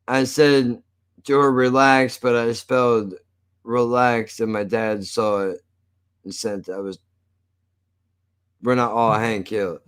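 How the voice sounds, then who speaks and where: A man's voice: mid-range voice, smooth. Joking, foul-mouthed male streamer. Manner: profane, joking, laughs often. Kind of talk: casual live-stream chat.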